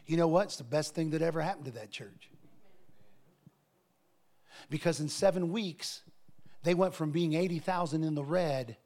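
A middle-aged man preaching a sermon as pastor, animated, acting out conversations from his stories. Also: a little high, normal speed, pauses often.

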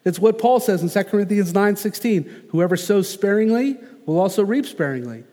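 High-voiced preacher man in a reverberant hall. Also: expressive, mellow. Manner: earnest, measured preaching with slow emphatic phrases. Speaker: pastor. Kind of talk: sermon.

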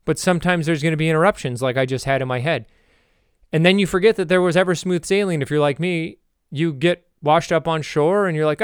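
A man's voice: a little high, quick pace, clean tone, no echo, studio quality. A man hosting a motivational podcast monologue, rambling, correcting himself and cracking jokey asides. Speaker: podcast host.

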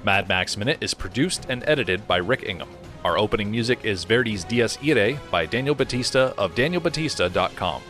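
A man's voice: fairly low pitch, expressive, brisk, fairly bright tone, faint music behind. A man with a Boston accent hosting a podcast, chatting casually and laughing easily. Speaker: podcast host. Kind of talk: casual chat.

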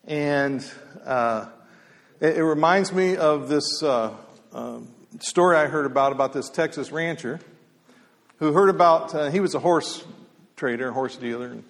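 A man telling folksy stories casually, with many fillers and restarts, in a halting, easygoing way. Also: a little high. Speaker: storyteller speaker. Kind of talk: casual spoken storytelling. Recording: long hall reverb.

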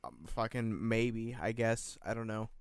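A man's voice: on the low side, unhurried, clear, resonant tone, no echo, clean studio sound. A young man from the United States chatting casually, rambling and hedging, with frequent restarts and casual swearing. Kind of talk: casual chat.

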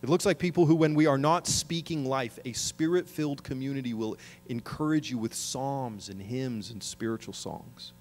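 A man's voice: medium pitch, normal speed, darkish tone, a little hiss or hum. Earnest male pastor preaching a sermon. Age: middle-aged. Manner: earnest preaching, rising to emphatic calls.

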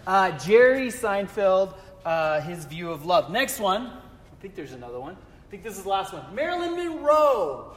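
A man with a high voice preaches to his congregation, a pastor who keeps things loose with jokes and self-deprecating asides. His words trail off into the long reverb of a large church sanctuary. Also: very animated, measured pace. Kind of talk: casual humorous sermon.

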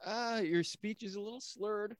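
A man's voice: high voice, moderate pace, smooth, no room sound, clean studio sound. A young adult man co-hosting a podcast, teasing his co-host with mock concern. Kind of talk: casual comedic podcast banter.

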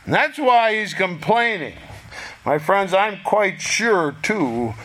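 A man preaching a sermon in a slow, deliberate way, pausing for effect and acting out prayers in a pleading voice. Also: high voice, big pitch swings, a bit bright. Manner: slow, deliberate delivery with dramatic pauses; acts out prayers in a raised, pleading voice.

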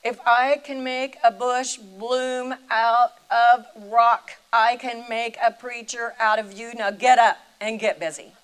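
An older woman voicing a gentle, patient divine voice in her testimony. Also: on the high side, normal speed, clear, resonant tone, lightly acted, poor audio.

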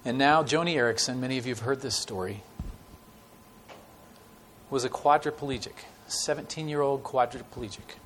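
A man preaching a sermon with stories to a church congregation, talking in a conversational way with many fillers and dramatic pauses. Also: medium pitch, fairly bright tone, slight background noise. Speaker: guest preacher.

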